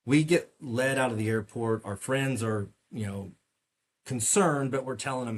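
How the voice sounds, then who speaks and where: A man's voice: medium pitch, normal speed. A middle-aged man, a podcast guest, earnestly recounting a personal story in detail with frequent fillers and restarts. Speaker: podcast guest, medical device sales rep. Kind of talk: storytelling interview.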